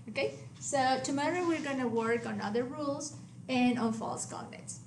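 A woman teaching a recorded Spanish lesson, patient and steady, often checking in with "okay?" and repeating word pairs slowly for her students. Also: sits high. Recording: echoey room, faint background hiss.

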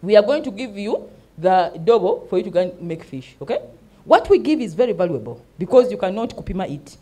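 Emphatic Ugandan woman, quick and lively. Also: mid-range voice. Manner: emphatic, mixes English and Luganda, asks "eh?" often. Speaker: host and mentor. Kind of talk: animated talk show monologue.

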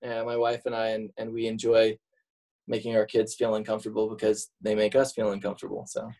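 A man's voice: on the low side, monotone, a little fast, dark tone, rough recording. Joking, self-mocking man telling stories. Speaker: podcast guest. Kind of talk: casual interview chat.

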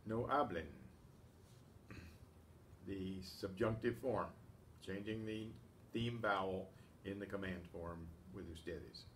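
Slow, patient man teaching a class. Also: low-pitched, fairly bright tone, slight background noise. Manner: slow, patient, clears throat often. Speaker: Spanish teacher. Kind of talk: class lesson.

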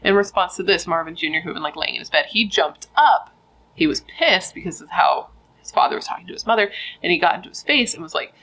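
Low, gravelly woman telling a crime story. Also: animated, fairly quick, sharp tone, poor audio. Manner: chatty, frequent "like" fillers. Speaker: true crime YouTuber. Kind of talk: casual true crime storytelling.

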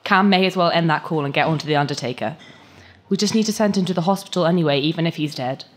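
A woman's voice: low voice, fast, husky. Woman doing a scornful young woman. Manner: scornful, sharp.

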